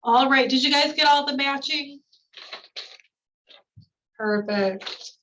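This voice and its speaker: Woman going over training slides, kinda high voice, sounds a bit far from the mic. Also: slow, pushed and bright, a little hiss or hum. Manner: explains slide by slide with fillers. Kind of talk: recorded training lecture.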